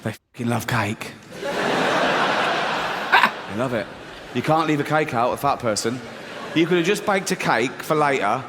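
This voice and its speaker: A man's voice: fairly high pitch, background noise. Brash swearing stand-up comic man. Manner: brash, swearing, laughing through punchlines. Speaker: stand-up comedian. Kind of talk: stand-up comedy routine. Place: large theatre stage. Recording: roomy hall with loud audience ambience.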